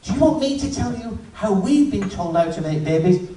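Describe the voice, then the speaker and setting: Brief: excitable little boy, five, high and insistent, played by a man, distant hall sound. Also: a little fast, a little hiss or hum. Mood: earnest. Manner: eager, insistent, repeats himself. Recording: roomy hall from far off.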